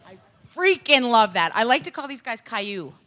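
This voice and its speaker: Bright, energetic woman speaker. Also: a little high, moderate pace, a faint crowd, a little hiss or hum. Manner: energetic, animated, joking. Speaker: speaker and youth hockey coach. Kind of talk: talk to an audience of educators.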